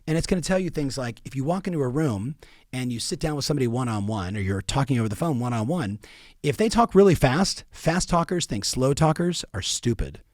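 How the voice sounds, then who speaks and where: A man's voice: mid-range voice, lively intonation, fairly quick, darkish tone, no echo, clean studio sound. A middle-aged man giving emphatic coaching advice to real estate agents, repeating key phrases for weight. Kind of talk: coaching talk.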